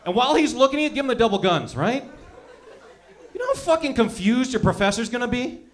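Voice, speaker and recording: A young man with a high-pitched voice performs a stand-up set. He rambles through profane, animated stories. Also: quick pace. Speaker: stand-up comedian.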